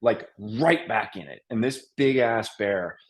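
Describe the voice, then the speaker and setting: A man guesting on a podcast, telling a hunting story in a casual, animated way with frequent restarts and fillers. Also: lowish voice, unhurried.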